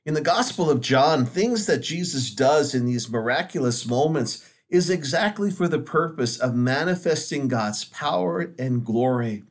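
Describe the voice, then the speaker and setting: A male priest delivers a Sunday homily at a steady, unhurried pace. His voice sits in an ordinary middle register, earnest and measured, and he leans on pauses to let each point land. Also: mid-range voice. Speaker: Catholic priest.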